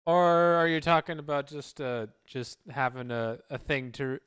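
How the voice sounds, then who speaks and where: A man's voice: medium pitch, fairly even intonation, unhurried, fairly bright tone, smooth. A man chatting casually on a live stream, rambling and stumbling over repeated words.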